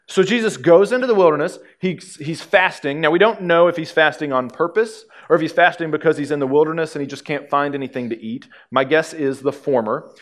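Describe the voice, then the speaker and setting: A male pastor delivers a sermon in a relaxed, conversational manner, slipping in dry jokes as he goes. His voice sits a little higher than most men's. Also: fairly quick, hardly any pauses.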